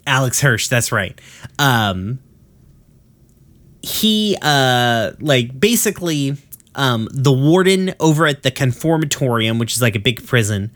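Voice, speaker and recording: A man's voice: medium pitch, expressive, a little slow, fairly bright tone. Rambling, profane man recapping casually. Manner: rambling, profane, filler-heavy storytelling. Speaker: podcast co-host.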